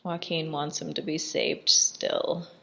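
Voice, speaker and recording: A woman talks her way through a film in a loose, irreverent commentary, laughing at the scenes as they unfold. Her voice sits a little low and she speaks slowly, taking her time. The recording is dull and lo-fi. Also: flat delivery, creaky, fairly bright tone.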